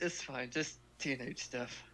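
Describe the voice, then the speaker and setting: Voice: medium pitch, steady tone, measured pace, a bit bright, poor audio. A player joking dryly while playing a character in a tabletop game. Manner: dry, joking. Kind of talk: in-character banter.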